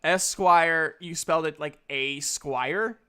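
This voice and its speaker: Man, dungeon master, slow halting narration, bright clear tone. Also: fairly high pitch. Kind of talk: narrating a tabletop game.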